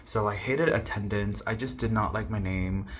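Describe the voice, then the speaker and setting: Young man vlogging, low voice, faint room hum, chatty self-mocking story. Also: normal speed. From South Korea. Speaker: YouTuber. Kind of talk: casual storytelling to camera.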